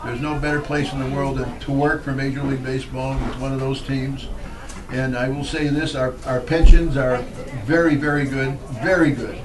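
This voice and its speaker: An older man, a former pitcher, telling rambling baseball anecdotes at a live question-and-answer event, speaking into a handheld mic with fillers and restarts. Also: little pitch movement, normal speed, far from the mic, background noise. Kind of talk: storytelling at a live Q&A.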